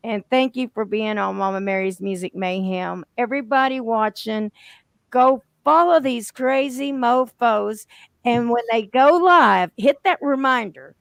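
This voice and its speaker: Gravelly-voiced woman hosting. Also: medium pitch, no echo. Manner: loud, laughing, reads out viewer comments. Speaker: podcast host. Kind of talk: casual chat.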